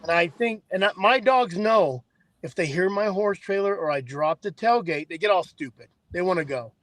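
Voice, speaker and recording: A man's voice: sits high, lively intonation, moderate pace, a bit bright, dry recording. A man in a casual chat, telling loose, rambling stories.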